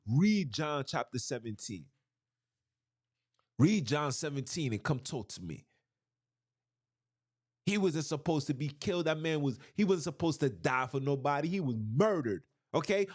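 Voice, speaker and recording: Animated preaching podcast man. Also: a little high. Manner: emphatic, repeats lines, rhetorical questions. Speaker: podcast host. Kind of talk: preaching-style scripture commentary.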